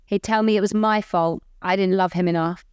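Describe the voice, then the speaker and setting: A woman's voice: mid-range voice, fairly even intonation, a little fast, clean tone, dry recording, studio quality. A woman co-hosting a podcast, reading a listener's letter aloud and getting emotional. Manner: emotional, voice catching at times. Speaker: podcast co-host.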